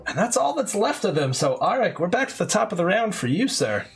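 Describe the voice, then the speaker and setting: A man narrating as game master of a tabletop game, animated and laughing as he acts out characters. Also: high voice, a little fast.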